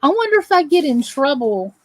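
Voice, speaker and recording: A woman's voice: high-pitched, big pitch swings, a little fast, no echo, poor audio. A woman hosting a crafting channel, chatting to viewers as she crochets and greeting them by name. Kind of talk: live crochet chat with viewers.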